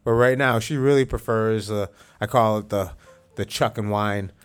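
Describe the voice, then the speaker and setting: Male podcast host, lowish smooth voice, rambling casual storyteller. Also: normal speed, soft background music. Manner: rambling storyteller, many fillers and restarts.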